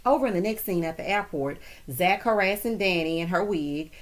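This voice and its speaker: A woman's voice: lowish voice, lively intonation, brisk, hardly any pauses. A woman recapping a TV episode in a sassy, chatty way, laughing often and talking straight to her viewers. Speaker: TV recap host.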